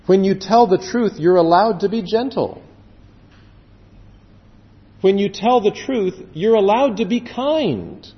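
Man, pastor, sermon, earnest, drawn-out emphasis, lively pitch, dull recording with long hall echo. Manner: earnest, with slow drawn-out emphasis and sudden drops to quiet. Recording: dull echoey hall sound.

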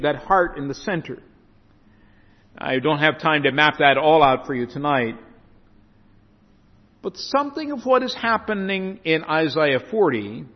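Guy preaching a sermon, restarts his words a lot, swoopy lively voice, dull lo-fi recording. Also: on the high side. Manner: expository, stumbles and repeats words. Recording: reverberant hall, dull lo-fi sound.

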